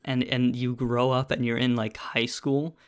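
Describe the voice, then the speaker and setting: A young man co-hosting a podcast in an easygoing, casual chat. He laughs often through his stories and builds up his bits with a relaxed, meandering delivery. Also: mid-range voice, a little slow, clean tone. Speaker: podcast co-host.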